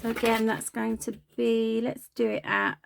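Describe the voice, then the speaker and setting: A woman's voice: fairly high pitch, flat delivery, moderate pace, creaky, noisy background. A woman chatting casually while crafting, self-deprecating and talking as she works. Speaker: craft video host.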